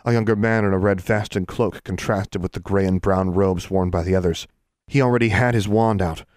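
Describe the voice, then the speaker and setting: A man reading a fantasy story aloud in a steady, measured way. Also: low voice, no echo, studio quality. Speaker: audiobook reader. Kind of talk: storybook narration.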